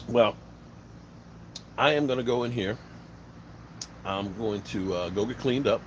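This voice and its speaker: A man's voice: fairly low pitch, slow pace, fairly bright tone, slight background noise, rough recording. A man from Virginia hosting a casual live stream, talking bluntly and rambling, swearing freely. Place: outdoors by a smoker fire.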